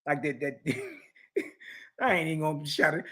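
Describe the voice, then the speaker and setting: A man's voice: fairly high pitch, very animated, moderate pace, pauses often, fairly bright tone, slightly rough. A middle-aged man giving a fiery scripture lesson as a religious teacher, preachy and mocking, confrontational toward his critics.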